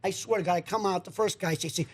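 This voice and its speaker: With a high-pitched voice, a quick pace, and a breathy edge, a man appears as a guest in a radio studio for a storytelling chat. He tells a long story with animation, repeating words and performing the quotes of the people involved.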